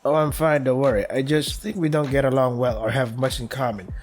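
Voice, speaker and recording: A man's voice: medium pitch, fairly even intonation, a little fast, close to an everyday voice. A man voicing a friendly young protagonist who makes casual, self-conscious jokes, read in his own everyday voice over faint background music.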